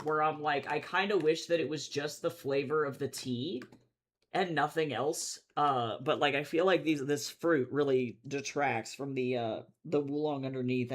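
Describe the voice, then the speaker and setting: A man in a casual drawing livestream, his voice sitting a touch high. He rambles through chat, swears freely and swings from loud bursts of excitement to low mumbles. Faint keyboard typing sits in the background. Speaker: streamer drawing comics.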